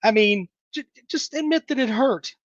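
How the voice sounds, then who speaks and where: A man's voice: extremely high pitch, moderate pace, no room sound, muffled recording. A man hosting a casual sports talk livestream, reading chat comments and mocking them bluntly with plenty of swearing. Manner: blunt, sarcastic, swears freely, mocks callers' takes.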